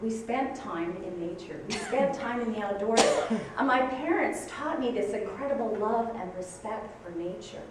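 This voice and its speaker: A woman giving a spiritual talk to a congregation, telling a story with animated, dramatic outbursts. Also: on the high side, moderate pace, very noisy. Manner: animated storytelling, acting out her own shocked outbursts. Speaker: speaker giving a Sunday talk. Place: church hall with audience. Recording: echoey hall from far off.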